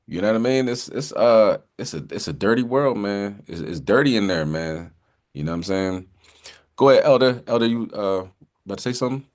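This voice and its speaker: A man in a casual group discussion, speaking conversationally and often asking "you know what I mean". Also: mid-range voice.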